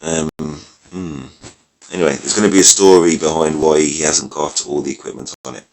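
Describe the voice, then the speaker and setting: A man's voice: a bass voice, fairly even intonation, moderate pace. A man casually talking through card game decks, rambling and correcting himself as he thinks aloud, his voice a little worn. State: losing his voice. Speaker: mobile game video creator. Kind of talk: casual gameplay commentary.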